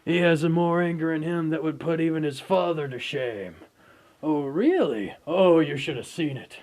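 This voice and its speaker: A man's voice: on the high side, normal speed, darkish tone, natural voice. A man voicing a cheerful young male warrior who tells an old family story with amusement. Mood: amused.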